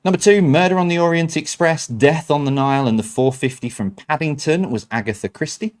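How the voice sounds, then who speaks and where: A man's voice: a little high, a little fast. A man hosting a streamed quiz night, reading out answers with chatty, self-mocking asides. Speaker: quiz host.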